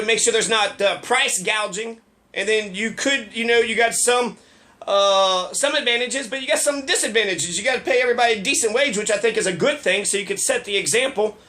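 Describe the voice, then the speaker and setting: Guy with a high bright voice going off about city politics, swears a lot, sarcastic and rambly. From Colorado. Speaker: local political commentator. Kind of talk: casual political rant.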